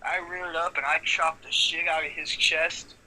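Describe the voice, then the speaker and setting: A man with a very bright, forceful, slightly high voice tells rough wrestling stories in a relaxed podcast chat. He swears freely and acts out the lines of the people in his stories. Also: moderate pace, low-quality recording. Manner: animated storyteller, swears freely, acts out quotes. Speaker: professional wrestler, podcast guest. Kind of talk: casual storytelling chat.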